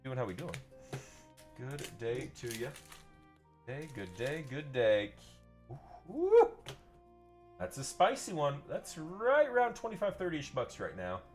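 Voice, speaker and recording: A man's voice: on the high side, big pitch swings, slow, long pauses, a little mellow, soft background music. A young man hosting a live pack-opening stream, upbeat and chatty, greeting viewers by name and repeating phrases. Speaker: live card-breaking seller.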